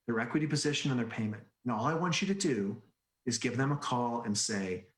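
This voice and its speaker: A man voicing a blunt, teasing male car sales manager in a slow, low voice. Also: natural voice. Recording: echoey room.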